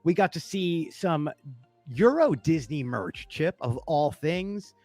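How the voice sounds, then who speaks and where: A man's voice: fairly high pitch, animated, slow pace, a little mellow, dry recording, faint music behind. A man co-hosting a podcast at home, chatting casually and rambling, with frequent laughs. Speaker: podcast co-host. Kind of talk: casual chat.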